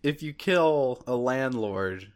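A man's voice: medium pitch, animated, takes it slowly. Wry male podcast co-host. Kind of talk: casual chat.

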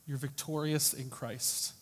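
A man preaching a sermon as pastor, earnest and emphatic, often rising and falling sharply in loudness. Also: medium pitch, steady tone, a little slow, a little hiss or hum. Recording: long hall reverb.

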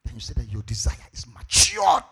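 Gravelly, animated Ghanaian preacher. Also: male voice, mid-range voice, a little fast. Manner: animated, breaks into sung phrases and shouts. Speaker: pastor. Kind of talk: sermon.

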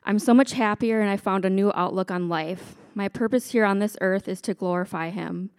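A woman's voice: medium pitch, moderate pace, clean tone, dry recording, studio quality. A woman earnestly giving a personal testimony of her faith. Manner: sincere, earnest.

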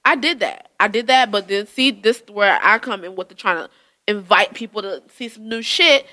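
A young woman from Michigan in casual profane chat, animated and laughing often. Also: medium pitch, normal speed.

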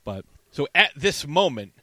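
A man casually recapping a movie scene with a co-host, animated and swearing freely. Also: fairly high pitch, measured pace, no room sound.

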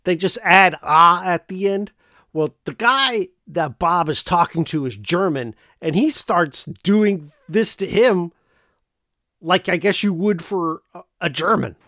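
A man's voice: high voice, expressive, slow, pushed and bright, no room sound, studio quality. A man casually retelling a film plot, rambling and joking with lots of fillers. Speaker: podcast host recapping a film. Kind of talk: casual chat.

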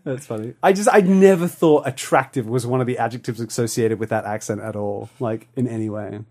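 A man co-hosting a podcast in casual chat, animated and jumping into silly voices. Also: mid-range voice, brisk. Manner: animated, breaks into silly character voices and laughs. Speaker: podcast co-host.

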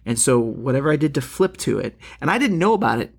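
A man co-hosting a casual movie podcast, talking in a hesitant, halting way. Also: medium pitch, very animated, gravelly, slightly rough. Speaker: podcast co-host. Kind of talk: casual chat about movies.

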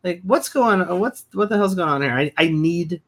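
Co-hosting a fantasy basketball podcast, a man with a high voice and lively intonation talks at normal speed. He's casual and emphatic, repeating his points and using plenty of fillers.

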